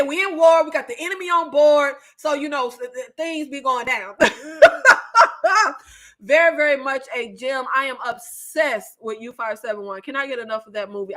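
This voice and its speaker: A young woman talks loosely through her favorite overlooked films. Her voice sits high and bright, full of fillers, asides and easy laughs. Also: expressive, normal speed. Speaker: movie review YouTuber. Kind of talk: casual movie recommendations.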